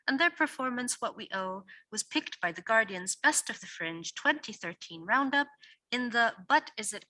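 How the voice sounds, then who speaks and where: A woman introduces poets at a live reading, running through the next guest's bio with a chuckle here and there. Her voice is bright and fairly high, and the sound is close and dry. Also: no room sound, rough recording. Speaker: event host introducing poets.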